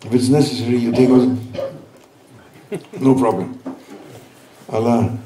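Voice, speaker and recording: A man giving a sermon at a religious gathering, speaking gently and teasingly in broken English to reassure his listeners. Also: mid-range voice, measured pace, slight background noise. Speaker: sheikh giving a religious talk. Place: large hall at a gathering. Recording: roomy hall, voice from far off.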